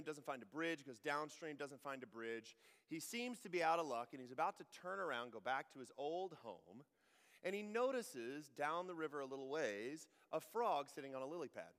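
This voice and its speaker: Guy pastor giving a chatty sermon w/ jokes, kinda high voice, echoey church hall. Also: a bit bright, smooth. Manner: conversational, joking asides.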